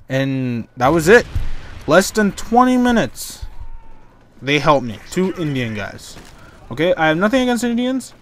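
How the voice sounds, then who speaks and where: A man's voice: fairly high pitch, very animated, measured pace, a bit bright, slight background noise. Exasperated young man rambling. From Canada. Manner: rambling, exasperated storytelling with many restarts. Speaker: gaming YouTuber. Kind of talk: gameplay commentary.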